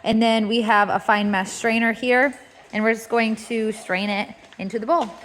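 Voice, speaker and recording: A woman explaining a kitchen task step by step in a relaxed, casual tutorial, with the odd filler. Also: fairly high pitch, normal speed, a little hiss or hum. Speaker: homestead cooking instructor. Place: home kitchen.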